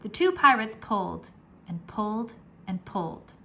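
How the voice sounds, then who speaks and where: A woman reading a children's book aloud in a slow, animated storytelling manner, with a gravelly edge. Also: mid-range voice. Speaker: read-aloud narrator.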